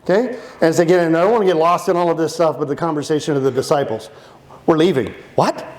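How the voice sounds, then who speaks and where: A male pastor preaching a lively sermon, playful and animated, acting out the disciples in funny voices. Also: fairly high pitch, racing.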